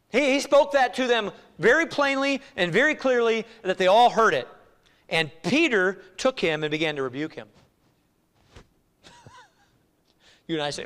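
A man preaching an expository sermon as pastor, animated and acting out the voices of people he quotes. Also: high-pitched, normal speed, pauses often, smooth. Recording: long hall reverb.

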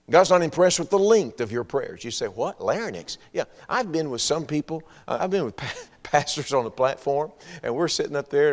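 A man preaching a sermon in an emphatic, repetitive style, firing rhetorical questions and dropping humorous asides. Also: mid-range voice. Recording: long hall reverb.

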